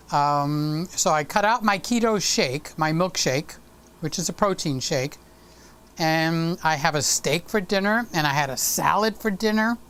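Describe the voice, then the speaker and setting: A woman's voice: fairly low pitch, clear, resonant tone. A woman hosting a casual live stream from home, chatting straight to her viewers in a teasing, talkative way.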